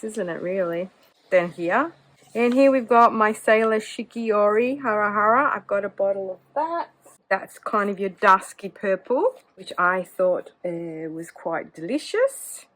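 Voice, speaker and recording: Lady chatting cozy about her hobby, lowish voice, lots of hedging. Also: fairly bright tone, poor audio. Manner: chatty, hedging with many "kind of"s. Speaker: fountain pen vlogger. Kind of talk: cozy casual chat.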